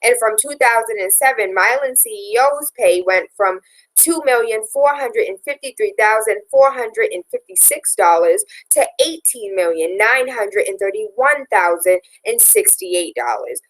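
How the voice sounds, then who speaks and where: A woman's voice: on the high side, animated, a little slow, rough recording. A woman hosting a talk show, reading news items aloud and adding opinionated, sarcastic commentary. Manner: opinionated, sarcastic, reads headlines then riffs. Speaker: radio talk show host.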